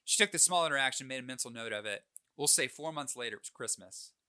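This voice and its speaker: A young man co-hosting a podcast, spinning a long personal story in easy, animated chat. His voice is very bright and forward, and he talks at an ordinary middle pitch, tripping over restarts and fillers as he goes. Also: fast. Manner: animated, self-deprecating, many fillers and restarts. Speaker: podcast co-host.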